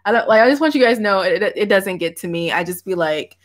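A woman's voice: mid-range voice, lively intonation, fast talker. A woman, chatting animatedly with viewers on a livestream from her home office and laughing often. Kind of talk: casual livestream chat.

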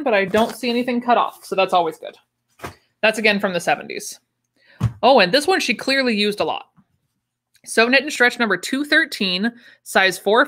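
A woman's voice: mid-range voice, sharp tone. A young woman chatting casually on a livestream, with wry asides and easy laughs. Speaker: livestream host unboxing sewing patterns. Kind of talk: casual chat.

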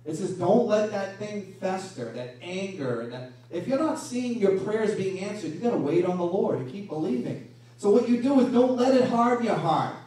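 Male pastor, high voice, lively sermon delivery, distant mic in a very roomy hall. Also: moderate pace. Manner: animated preaching with rhetorical questions. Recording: echoey room from a distance.

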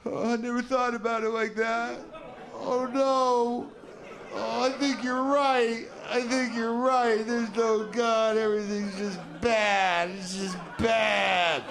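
A man's voice: very high voice, flat delivery, slow pace, creaky, a crowd in the background, pitched above the performer's own voice, exaggerated voice, rough recording. A comedian playing a down-on-his-luck man who gives in and loses his faith. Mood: defeated. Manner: whiny, deflated.

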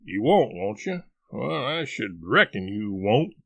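A man's voice: fairly low pitch, very animated, takes it slowly, vocal fry, fairly bright tone, dry recording, pitched below the performer's own voice, full character voice. A man voicing a fiery older Southern aunt, scolding and exclamatory, in a reading of a novel. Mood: indignant.

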